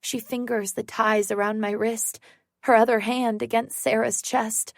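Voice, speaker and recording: Slow, tense woman narrator. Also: on the high side, flat delivery, no echo, clean studio sound. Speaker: audiobook narrator. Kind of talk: first-person thriller narration.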